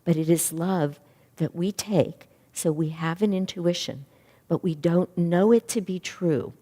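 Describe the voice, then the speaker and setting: A middle-aged woman giving a spiritual class talk as a minister and teacher. She speaks in an earnest, reflective way and grows lively when she retells stories. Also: lowish voice, unhurried. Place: class room or hall. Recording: long reverb of a hall.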